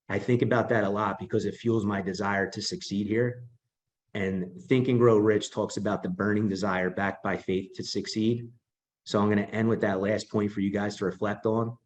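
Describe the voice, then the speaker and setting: A man's voice: lowish voice, steady tone, normal speed, rough recording. A man with a New York accent, giving an earnest motivational talk full of rhetorical questions. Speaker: team leader giving a talk.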